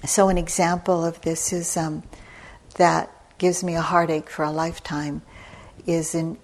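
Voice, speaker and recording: An older woman gives a dharma talk in an unhurried, reflective way. Her voice sits a little low, and she speaks very slowly, with soft pauses between her thoughts. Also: little pitch movement. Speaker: meditation teacher. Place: retreat center hall.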